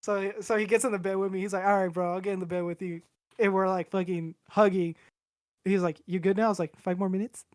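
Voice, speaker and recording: A young man tells a long personal story on a podcast, rambling casually, swearing freely, and acting out everyone's lines. His voice sits high with fairly even intonation and a fast pace, recorded in studio quality with no echo.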